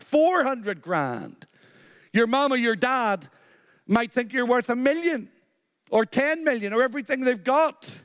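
A man with a very high voice and a fairly bright tone preaches a sermon with emphatic repetition and a short story woven through it. Studio-quality audio, with long hall reverb.

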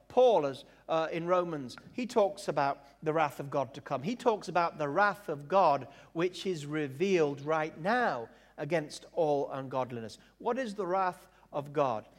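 A man with a fairly high voice preaches a sermon, leaning hard on key words and slowing down to make a point. His voice carries a long reverb, as if he is speaking in a large church hall. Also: expressive. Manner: emphatic, drawn-out words, jokey asides.

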